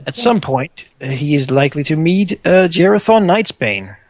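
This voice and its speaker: A man at a middle pitch reads prepared scenes aloud as game master and stumbles over words with frequent restarts. The sound is dry and dull, like a lo-fi home recording. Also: lively intonation, moderate pace, dry recording. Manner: storytelling with many restarts and "uh". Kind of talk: reading prepared scenes to players.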